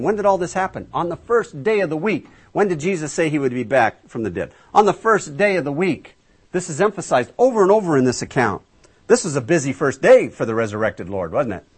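A man preaching a lively storytelling sermon, asking his listeners questions and acting out the voices of the people in the story. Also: on the high side, husky. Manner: acts out voices of biblical figures, asks the audience questions.

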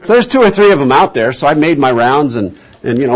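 A man's voice: mid-range voice, animated, fast talker, few pauses. A man teaching from the Bible in a conversational sermon, with a folksy, chatty storytelling manner and mid-range voice. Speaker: pastor.

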